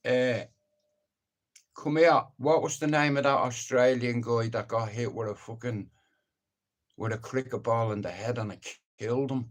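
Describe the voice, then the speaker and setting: Middle-aged guy ranting on a live stream, blunt and sweary, rambles on, mid-pitched voice. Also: steady tone, normal speed. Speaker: livestream host. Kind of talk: casual live-stream rant.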